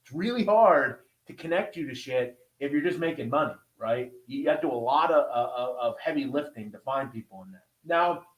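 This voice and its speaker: A man's voice: medium pitch, expressive, moderate pace, hardly any pauses. Echoey man telling a casual story. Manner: conversational, swears, checks in with listeners. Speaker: podcast host. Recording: roomy echo.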